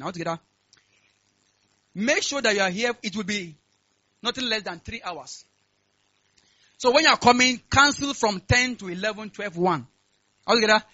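A man's voice: high-pitched, husky, dry recording, muffled recording. A man preaching a church sermon as pastor, giving announcements and leading prayer, often asking the congregation whether they are together. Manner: call-and-response, asks "are we together?"; rising to loud fervent prayer.

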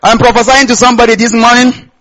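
A man's voice: very high voice, level tone, fast, pushed and bright, low-quality recording. A male pastor from Nigeria with a Nigerian accent, preaching a sermon and tossing questions back to the congregation.

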